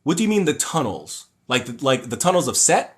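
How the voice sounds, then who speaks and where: A man's voice: medium pitch, big pitch swings, fairly quick. A young adult man hosting a casual livestream, reading viewer comments aloud and reacting to them in a rambling, opinionated way with many fillers and restarts. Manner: mocking voices when paraphrasing others. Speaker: livestream host.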